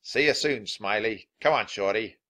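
A man voicing an adult male cowboy who gives orders in a low, steady way. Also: moderate pace. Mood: commanding.

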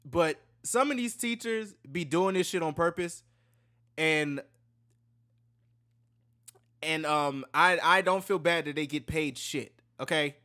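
A young man hosts a casual reaction stream. His voice sits high and bright, and he lurches from loud, cursing rants down to quiet mumbles. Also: slow, pauses often. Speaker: reaction video host.

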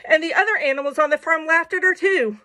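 A woman's voice: high voice, fast, pushed and bright. A woman casually reading a children's picture book aloud, playful, with jokey asides and animal noises.

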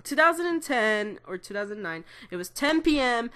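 A vlogger in her twenties, her voice fairly high with big pitch swings and a bit bright, rambles through a personal story to camera at a moderate pace. She swears and corrects herself along the way in this casual storytelling.

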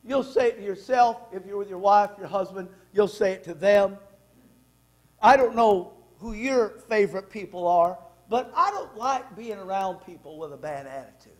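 Very high-voiced male pastor preaching. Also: lively intonation, moderate pace, poor audio. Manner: emphatic preaching, reads scripture aloud, asks the congregation questions. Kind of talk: sermon. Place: church sanctuary.

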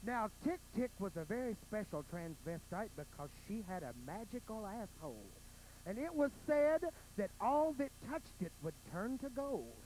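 A man's voice: very high voice, a little hiss or hum, low-quality recording. A male drag performer on a pageant stage narrating a bawdy fairy tale in a mock-sweet, campy storybook manner into a stage microphone.

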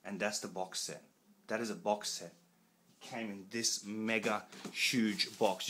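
A man talking excitedly in a home unboxing vlog, loud, swearing and repeating himself. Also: lowish voice, measured pace, background noise. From Australia. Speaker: collector showing off a box set. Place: room at home.

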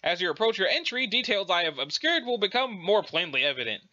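A man's voice: sits high, big pitch swings, a little fast, sharp tone, full character voice. A man doing a prim, polite alien lady. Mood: earnest, explaining. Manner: prim, formal, fussily polite. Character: polite formal young alien woman. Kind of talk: dramatic reading of a webcomic. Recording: dull lo-fi recording.

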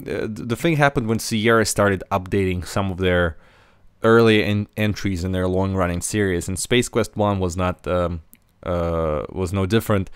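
Man, podcast host, very low voice, smooth tone, dry close sound, hesitant with fillers. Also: no echo. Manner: hesitant, many fillers and restarts. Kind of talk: casual podcast discussion.

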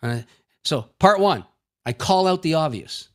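Joking, higher-pitched male preacher. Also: lively intonation, moderate pace. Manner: folksy, joking preacher who acts out street conversations. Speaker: pastor. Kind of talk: sermon.

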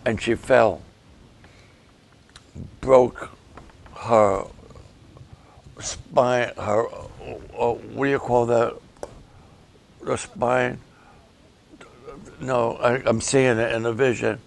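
An older man, a pastor, giving an emotional, halting update and prayers for his ministry partners. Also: medium pitch, flat delivery. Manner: emotional, halting, slow and gravelly.

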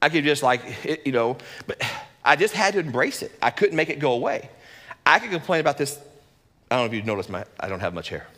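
A man, a lead pastor, giving a conversational sermon in an animated, folksy way with joking asides. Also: medium pitch, fast, big-room sound.

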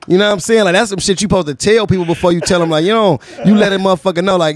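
Male podcast host, higher voice, animated slangy storyteller, dry close sound. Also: fast talker, few pauses, no room sound. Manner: animated storyteller, heavy slang, acts out quotes. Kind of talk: casual storytelling chat.

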